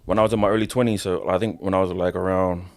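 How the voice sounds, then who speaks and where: Kiwi guy w a lowish voice, wrestler on a podcast, super casual, lots of bro and swearing. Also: steady tone, very fast, vocal fry. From New Zealand. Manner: loose slangy talk, swears often, says "bro". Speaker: professional wrestler, podcast guest. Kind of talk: casual interview storytelling.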